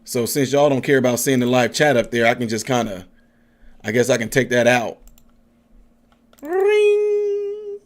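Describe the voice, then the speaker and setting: This man's mid-range voice has little pitch movement and a fairly quick pace. Hosting an informal political stream, he chats loosely, answers comments, laughs frequently and coos softly at his dog in a baby-talk voice.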